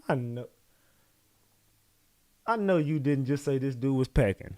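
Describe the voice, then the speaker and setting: A man's voice: mid-range voice, a little slow, mellow, dry recording, studio quality. A man giving casual, profane commentary as he reads out court testimony, incredulous and mocking. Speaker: commentator on a trial.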